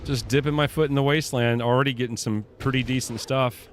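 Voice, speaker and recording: A man's voice: medium pitch, steady tone, fast talker, a little hiss or hum. A young man streaming a survival game live, cursing, panicking and talking to his chat as he plays. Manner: profane, panicky, talks to chat. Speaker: gaming streamer. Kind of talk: live gameplay commentary. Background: faint game music.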